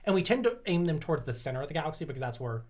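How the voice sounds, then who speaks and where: A man's voice: on the high side, very animated, rapid-fire. A man co-hosting a casual podcast, explaining at length, laughing often and swearing casually. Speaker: podcast co-host. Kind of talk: casual chat.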